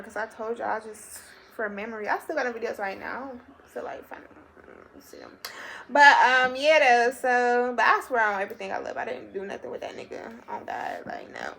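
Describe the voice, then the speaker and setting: A young adult woman telling a personal story to her viewers in a casual, animated and very profane way. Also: fairly high pitch, a little fast, vocal fry. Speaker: vlogger.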